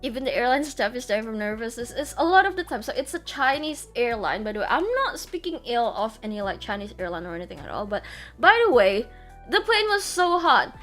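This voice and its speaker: High-voiced young woman streamer, animated. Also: fairly quick, soft background music. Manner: animated storyteller, acts out quotes loudly, laughs often. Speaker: VTuber streamer. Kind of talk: casual chat.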